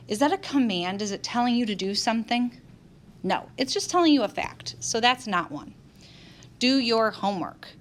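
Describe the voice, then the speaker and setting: A woman's voice: medium pitch, fairly bright tone, a little hiss or hum. A woman teacher patiently walking young pupils through answers step by step. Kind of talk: classroom lesson walkthrough.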